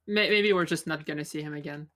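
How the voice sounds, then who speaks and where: A woman speaking in character at a tabletop game, halting and hesitant, with frequent false starts. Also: sits low, a bit bright. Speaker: tabletop player. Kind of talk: casual in-character tabletop chat.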